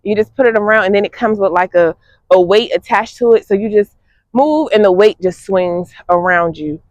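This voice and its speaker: A young woman, chatting casually to her viewers in an animated way, laughing often. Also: mid-range voice, moderate pace, no room sound. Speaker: fitness vlogger. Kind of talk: casual vlog chat to viewers.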